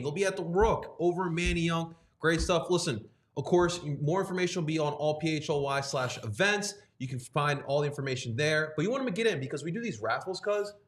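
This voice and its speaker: A man's voice: fairly high pitch, fairly bright tone, reverberant. Upbeat slangy sports co-host man. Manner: upbeat, plugging events with slang. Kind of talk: casual sports talk show.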